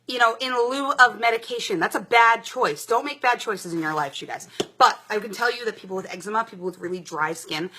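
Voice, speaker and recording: Chatty, bright-voiced woman presenter. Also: a little high. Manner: chatty and upbeat, many fillers like "like" and "um". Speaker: direct sales presenter. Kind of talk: live product demo talk.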